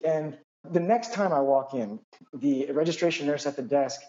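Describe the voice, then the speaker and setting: A male physician telling a personal anecdote in an animated, self-deprecating way, full of asides. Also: fairly high pitch, moderate pace, muffled recording.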